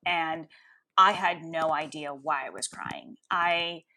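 A woman in her thirties, a coach and Reiki healer, telling a personal story in an animated, frank way with laughs. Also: low voice, takes it slowly. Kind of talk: storytelling interview.

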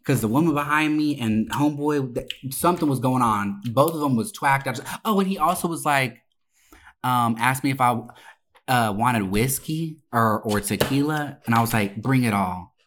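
A young adult podcast co-host telling a story in a casual, profane, animated way, swearing oaths for emphasis. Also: mid-range voice, normal speed.

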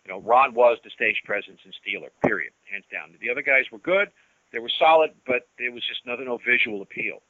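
A man talks through his memories in a casual interview, circling back with restarts and filler. His voice is bright and pushed forward. The recording is dry and a bit lo-fi. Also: mid-range voice, a little fast, dry recording. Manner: rambling, many restarts and "you know". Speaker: guest musician.

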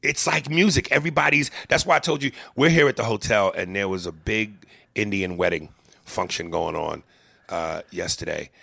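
A man co-hosting a casual chat, talking animatedly and profanely and slipping into quick impressions. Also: lowish voice, gravelly, sharp tone, dry recording, clean studio sound. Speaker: podcast co-host. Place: hotel room.

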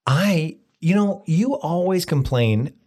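A man's voice: fairly high pitch, animated, slow pace, darkish tone. A man in his thirties co-hosting a casual podcast with his wife, joking and teasing, sometimes crooning a song in another singer's style. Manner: joking, breaks into crooning impressions. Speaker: podcast co-host. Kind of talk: casual banter with spouse.

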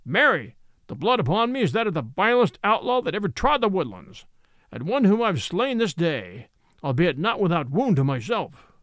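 A man's voice: sits high, very animated, normal speed, fairly bright tone, no echo, studio quality. A man voicing a cunning outlaw who fakes a harsh voice. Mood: scheming.

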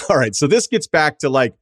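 A man's voice: fairly high pitch, sing-song, normal speed, fairly bright tone, slightly rough, dry recording, studio quality. A man in his forties from Massachusetts hosting a podcast, chatting loosely with a guest, joking and swearing freely. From Martha's Vineyard, Massachusetts. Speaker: podcast host. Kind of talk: casual podcast chat.

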